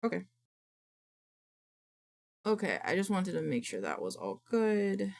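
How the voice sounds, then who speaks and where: A young woman streaming live, chatting casually, reading chat aloud and swearing a lot when excited. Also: medium pitch, measured pace, gravelly.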